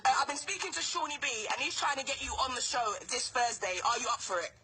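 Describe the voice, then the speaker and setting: A woman hosting a morning radio show, interviewing a guest with excitable enthusiasm. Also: sits high, faint music behind. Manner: excitable, enthusiastic, quick to laugh. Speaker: radio presenter.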